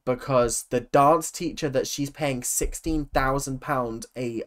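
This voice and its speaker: A woman's voice: extremely low pitch, measured pace. A woman hosting a reaction video, chatting sarcastically and exclaiming at clips. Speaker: YouTube reaction host. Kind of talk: casual reaction commentary.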